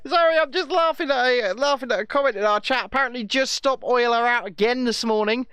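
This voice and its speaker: A man's voice: very high voice, fairly quick, sharp tone, clear, resonant tone, no room sound. A man hosting a live stream, chatty and reading out viewer comments, often restarting his sentences. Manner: chatty, stammering restarts, reads chat comments aloud. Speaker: stream host. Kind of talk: casual live-stream chat.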